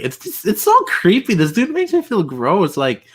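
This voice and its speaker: Animated man reading chat aloud. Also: high voice, fairly quick, few pauses. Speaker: host. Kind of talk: casual livestream chat.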